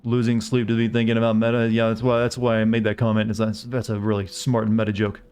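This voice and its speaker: A man's voice: on the low side, monotone, fast talker, a little mellow, clear, resonant tone. A man with a Southern US accent chatting casually while he streams a game, rambling as he answers his chat. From Southern United States.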